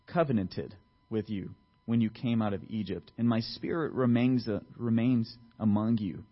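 A man preaching a sermon in a loose, conversational way, full of fillers and asides, who acts out quoted voices with big jumps in pitch and loudness. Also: steady tone, moderate pace. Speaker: pastor. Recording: muffled lo-fi recording.

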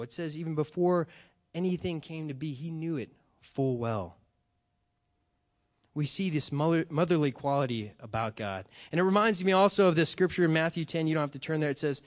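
A man preaching a sermon, earnest and halting with frequent restarts, telling a family story. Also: fairly high pitch. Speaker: pastor.

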